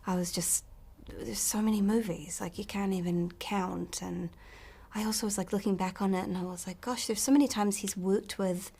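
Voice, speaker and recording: A woman with a New Zealand accent, an actress chatting in an interview, softly and often dropping to a near-whisper. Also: mid-range voice, steady tone, moderate pace, creaky, husky. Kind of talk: casual interview chat.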